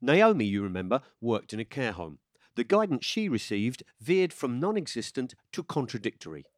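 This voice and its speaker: Measured male documentary narrator. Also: mid-range voice, very animated, no room sound, clean studio sound. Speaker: radio documentary presenter. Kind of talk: scripted narration.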